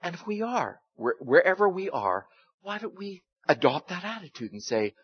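Husky-voiced pastor, lively and folksy. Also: male voice, high-pitched, moderate pace. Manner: folksy, asks the congregation rhetorical questions. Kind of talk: conversational sermon. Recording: dull lo-fi recording.

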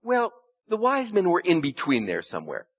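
Husky-voiced pastor, lively and folksy. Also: male voice, high-pitched, moderate pace. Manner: folksy, asks the congregation rhetorical questions. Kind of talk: conversational sermon. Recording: dull lo-fi recording.

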